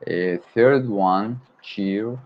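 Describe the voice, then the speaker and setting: Hosting a study livestream, a man whose first language is Arabic hesitantly repeats English words aloud to memorize them. His voice is fairly low and slow, and the stream audio sounds dull and lo-fi.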